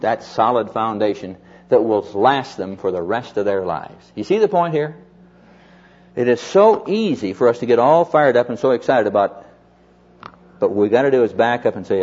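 Husky man preaching a story-filled sermon. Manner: animated storyteller, quotes others in lowered voice. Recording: dull lo-fi sermon recording.

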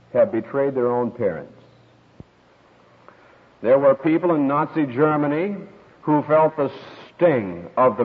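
A man preaching a sermon, telling stories and acting out quoted voices as he teaches. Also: mid-range voice. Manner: storytelling, expressive with quoted voices. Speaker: pastor. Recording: tinny radio broadcast with long hall reverb.

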